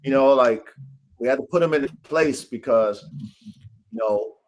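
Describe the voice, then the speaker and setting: A man's voice: mid-range voice, unhurried. A man hosting a live-streamed dog-breeding podcast, talking in an emphatic, profane, preachy way. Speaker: podcast host. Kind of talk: casual podcast discussion. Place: home studio on a live stream.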